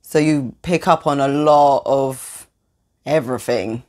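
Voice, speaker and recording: A woman's voice: a bass voice, slow pace, darkish tone. A woman interviewing a guest, curious and thinking aloud with fillers. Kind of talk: casual interview questions.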